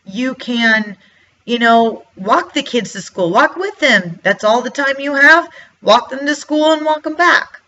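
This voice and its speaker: A woman talking straight to her viewers in a relaxed, chatty way, her voice bright and forward. She slips into her own past thoughts as she goes. The recording sounds a little dull and lo-fi. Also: fairly high pitch, gravelly. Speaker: vlogger. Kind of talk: casual motivational talk to camera.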